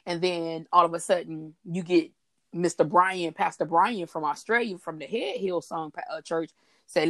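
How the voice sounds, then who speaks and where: Chatty low-voiced woman co-host. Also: moderate pace, dry recording, clean studio sound. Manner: chatty, laughs often, with frequent restarts. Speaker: podcast co-host. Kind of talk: casual faith talk chat.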